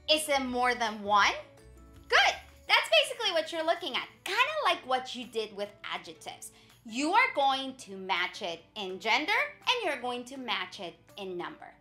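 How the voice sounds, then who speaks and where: A woman teaching a lesson in a high voice that swings a lot, slowing down to model words for learners. Her tone is encouraging and patient. Light music plays faintly underneath. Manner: lively, encouraging, models pronunciation slowly. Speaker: Spanish teacher.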